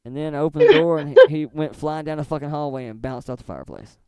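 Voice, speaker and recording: A man cohosting a casual stream chat, telling loud, profane stories and dropping into high mocking voices. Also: fast, clean tone, no echo, dull audio. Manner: loud, swearing storyteller who jumps into high mocking voices. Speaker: stream co-host.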